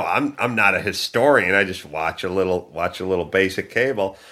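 Middle-aged male podcast host, sarcastic comic storyteller, bright forceful tone. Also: sits low, brisk, few pauses. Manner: ranting, sarcastic, exasperated.

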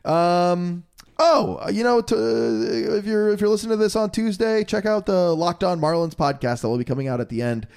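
Young man, slightly hoarse, upbeat, casual podcast co-host, laughs a lot. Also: sits high, fairly even intonation, normal speed, a little mellow. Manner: upbeat, laughs often, repeats himself. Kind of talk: casual chat.

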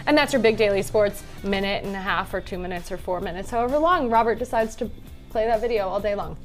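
A woman co-host reading sports news briskly with joking asides. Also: mid-range voice, music in the background. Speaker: morning show co-host.

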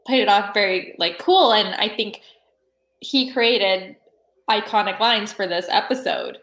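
A woman's voice: mid-range voice, a little slow, a bit bright. A woman co-hosting a podcast in a casual chat, giggling and saying "like" a lot. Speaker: podcast co-host. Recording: echoey room.

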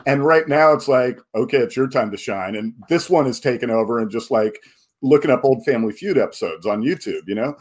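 A man's voice: medium pitch, lively intonation, brisk. A man hosting a podcast, chatting casually and asking his guest questions. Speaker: podcast host.

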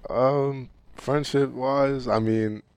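A young man, a college basketball player, answering interview questions casually and softly, filling his sentences with "you know". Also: medium pitch, steady tone, very slow, smooth, dry recording. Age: young adult. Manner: soft-spoken, heavy on "you know" fillers.

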